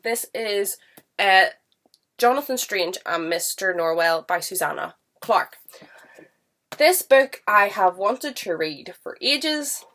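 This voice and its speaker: This book vlogger's medium-pitched voice is animated and a bit bright, and she takes her time. Stuffed up from a cold, she chats casually and enthusiastically to the camera about books at home.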